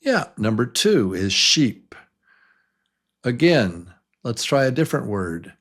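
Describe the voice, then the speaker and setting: Slow, patient man teaching English sounds. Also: mid-range voice, big pitch swings. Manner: slow, patient, encouraging drills. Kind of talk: beginner pronunciation lesson.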